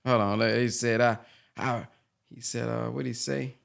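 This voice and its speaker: A man's voice: mid-range voice, little pitch movement, a little slow, vocal fry. A man hosting a casual talk show, joking and slangy in his speech. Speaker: host. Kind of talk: casual chat.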